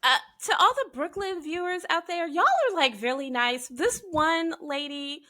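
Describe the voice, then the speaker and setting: A bubbly woman with a Southern accent hosts a relaxed podcast chat, her voice bright and a touch high. She tells stories with lively acted-out quotes. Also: measured pace. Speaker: podcast host. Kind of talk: casual chat.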